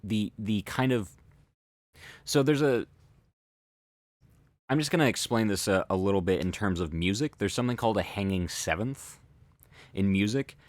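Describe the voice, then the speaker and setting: A man hosting a commentary, explaining thoughtfully in a halting way with many fillers and restarts. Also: on the low side, no echo, studio quality. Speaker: host analyzing body language.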